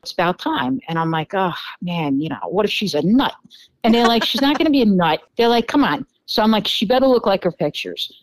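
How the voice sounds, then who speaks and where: A New York-accented woman recounts a dating story in a laid-back podcast interview, performing the quoted lines and peppering her talk with fillers. She speaks fairly quickly at medium pitch; the recording is rough but has no echo.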